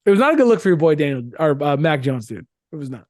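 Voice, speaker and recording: A man's voice: on the high side, sing-song, fast, a little mellow, no room sound, studio quality. A man co-hosting a sports podcast in casual chat, emphatic and opinionated, hammering his points by repeating them. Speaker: podcast co-host.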